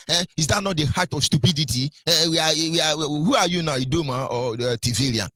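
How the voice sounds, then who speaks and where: A man's voice: on the high side, fast, few pauses, bright, forceful tone, no echo. A man with a Nigerian accent giving impassioned radio commentary, scolding his listeners with repeated rhetorical questions and stumbling over fillers.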